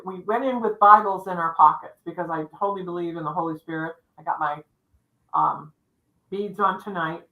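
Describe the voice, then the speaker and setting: Chatty woman with a bright voice in an echoey room. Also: fairly low pitch. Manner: chatty, lively, acts out dialogue. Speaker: psychic co-host. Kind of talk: storytelling in casual chat. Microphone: livestream setup.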